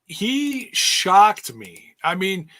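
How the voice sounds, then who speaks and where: Slow, bright-voiced man on a podcast. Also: high voice, very animated. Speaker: podcast co-host. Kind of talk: casual wrestling review chat.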